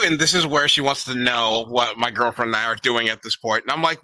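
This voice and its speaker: A man's voice: medium pitch, a little fast, sharp tone, no room sound. A young man hosting a podcast, retelling an awkward story with laughter and acted quotes. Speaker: podcast host. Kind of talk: casual storytelling.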